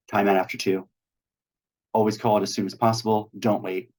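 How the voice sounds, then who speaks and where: A man's voice: on the low side, level tone, brisk, long pauses, darkish tone. A man hosting a weekly meetup on a video call, coaching earnestly and acting out sample dialogues. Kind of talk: instructional talk on a video call.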